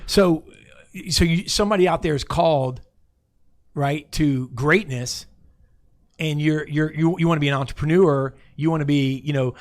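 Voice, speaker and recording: A man hosting a faith talk show, telling stories in a lively way with many restarts. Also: a little high, moderate pace. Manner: animated storytelling with many restarts. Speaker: host.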